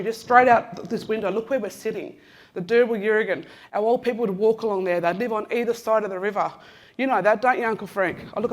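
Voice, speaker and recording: At medium pitch, a Western Australian woman in her fifties gives an Acknowledgement of Country at a conference. Wandering among the audience in a large room, she keeps things casual and jokey, teasing people, naming them directly and saying "um" frequently.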